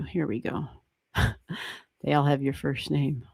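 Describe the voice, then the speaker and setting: A woman hosting a livestream, chatting casually as she reads charts, excitable and laughing often, with casual swearing. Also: sits low, normal speed, creaky, no echo. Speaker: astrology livestream host.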